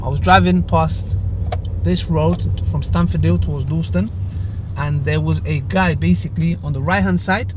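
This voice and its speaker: A man's voice: on the high side, noisy background. A young man, casually retelling a road argument in a vlog from his car. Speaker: vlogger. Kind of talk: casual storytelling.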